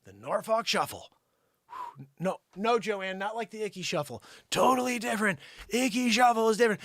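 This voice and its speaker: A man hosting an improvised comedy news segment, yelling at an unseen listener and then dropping to mutters. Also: high-pitched, expressive, normal speed, dry recording, studio quality. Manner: yells at an unseen listener, swinging from shouts to mutters. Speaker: comedy show host.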